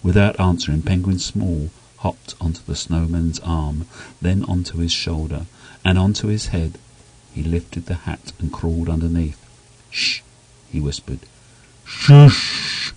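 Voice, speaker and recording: A man gently reading a children's story aloud in an unhurried storybook manner. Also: low-pitched, fairly even intonation, husky, low-quality recording.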